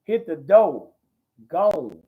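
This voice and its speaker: A man hosting a ministry talk show, talking in a folksy, preachy way, repeating himself and whooping with excitement. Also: on the high side, extremely slow. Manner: exclamatory and repetitive, whooping with excitement. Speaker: host. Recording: dull lo-fi audio.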